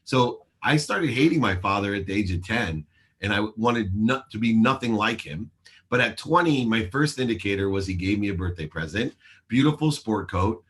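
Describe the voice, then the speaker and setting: A man's voice: lowish voice, expressive, moderate pace, fairly bright tone. A man in his forties, a show host, telling his life story in an interview with earnest, emphatic delivery and acted-out dialogue.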